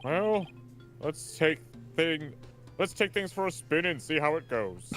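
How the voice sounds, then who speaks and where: A man's voice: on the high side, lively intonation, measured pace, fairly bright tone, faint music behind, pitched above the performer's own voice. A man voicing a fussy elderly male judge in a video game read-along, speaking with mild, dithering courtroom formality.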